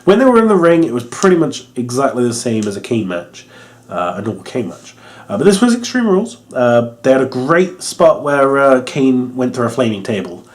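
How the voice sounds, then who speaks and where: A man's voice: mid-range voice, sing-song, normal speed. A young man giving a casual, rambling wrestling review, amused and swearing, with lots of ums.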